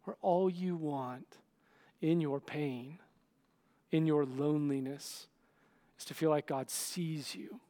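A man's voice: fairly high pitch, takes it slowly, pauses often, warm tone. A male pastor giving a conversational sermon, often checking in with the listeners and acting out scenes. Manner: dramatic, acts out scenes.

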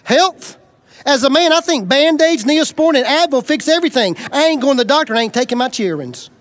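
A man with a notably high voice delivers a storytelling sermon to his congregation. He speaks plainly, with folksy humor, and he is middle-aged. His delivery swings from loud, emphatic bursts down to hushed, earnest intensity. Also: lively intonation, a little fast. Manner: dramatic, shifts between loud bursts and quiet intensity. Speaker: preacher.

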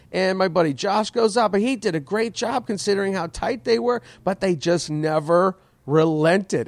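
A man's voice: a little high, no room sound, studio quality. A man hosting his podcast, telling a profane, self-mocking story about a stand-up gig. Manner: animated, swearing, self-mocking. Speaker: comedian podcast host.

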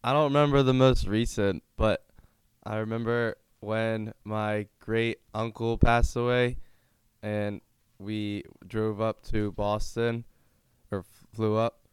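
A man's voice: fairly low pitch, level tone, takes it slowly, clean tone, no room sound. A young man in his late teens sharing a memory as a student guest, brief and hesitant. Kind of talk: personal sharing.

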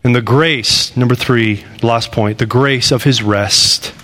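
A man in his thirties preaching a sermon in a conversational way, repeating phrases and swinging from loud bursts to low, quiet lines. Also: slow. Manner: animated, rising to loud bursts then dropping low and quiet. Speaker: pastor.

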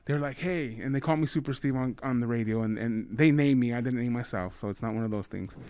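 A man's voice: medium pitch, fast talker, a little mellow. A man who works in radio, making his point emphatically with lots of swearing on a casual podcast. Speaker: radio host.

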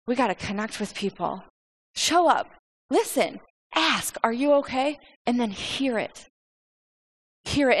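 A woman giving an informal sermon in a lively, conversational way. She often restarts and repeats words. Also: a little high, low-quality recording. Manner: animated, conversational, acts out quoted speech. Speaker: preacher.

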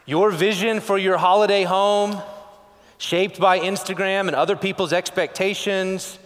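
A pastor from West Texas preaching a sermon in a conversational way, firing off rhetorical questions and checking in with "okay?". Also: male voice, high-pitched, steady tone, unhurried, fairly bright tone, in a large hall.

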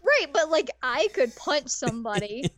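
A woman co-hosting a casual chat, retelling a show in a giggly, sarcastic, animated way. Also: high voice, normal speed, no echo. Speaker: podcast co-host.

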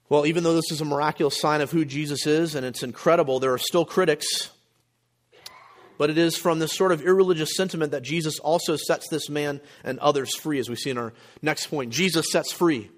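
A male pastor preaching a sermon, emphatic, with rhetorical questions and frequent throat clearing. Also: fairly high pitch, brisk.

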